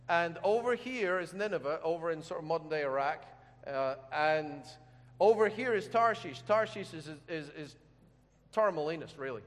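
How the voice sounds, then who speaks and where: A man preaching a sermon in a chatty, humorous storytelling way, asking his audience questions as he goes. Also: a little high. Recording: echoey hall reverb.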